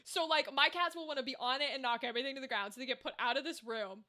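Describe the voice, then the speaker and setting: Bright, high-voiced chatty woman streamer. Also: quick pace. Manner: chatty, rambling, reacts to chat. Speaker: live streamer and voice actor. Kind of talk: casual live stream chat. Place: home room with a table setup. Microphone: desk microphone.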